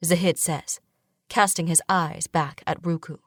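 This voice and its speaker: Audiobook narrator, woman, lower register, steady measured first-person reading, dry close sound. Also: no room sound.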